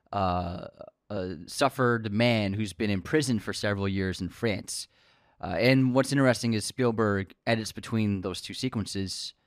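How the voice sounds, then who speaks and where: A man's voice: on the low side, dry recording, clean studio sound. A man casually discussing a film as a podcast co-host, talking conversationally with frequent restarts.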